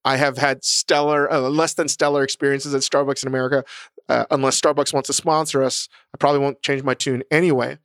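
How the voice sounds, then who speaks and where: A man's voice: mid-range voice, flat delivery, a little fast, fairly bright tone, clear, resonant tone, dry recording, studio quality. A man co-hosting a podcast in casual chat, blunt and profane, a chef talking about his restaurants.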